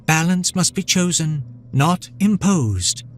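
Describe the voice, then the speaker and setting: A man's voice: fairly high pitch, lively intonation, slow, a little hiss or hum, voice pushed up. A man voicing an ancient, dying goddess who speaks in solemn riddles. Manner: solemn, cryptic.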